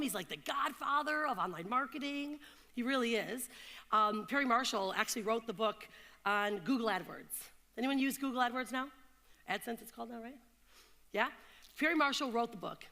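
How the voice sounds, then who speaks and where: High, gravelly woman speaker. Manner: animated storyteller, asks the crowd questions. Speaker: keynote speaker. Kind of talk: motivational talk to an audience. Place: event hall in London. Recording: long reverb of a hall.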